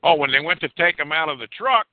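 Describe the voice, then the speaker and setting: A man telling a story in casual talk, animated and stumbling over repeated words as he acts out the people in it. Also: a little high, fast talker. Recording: dry tinny phone-line sound.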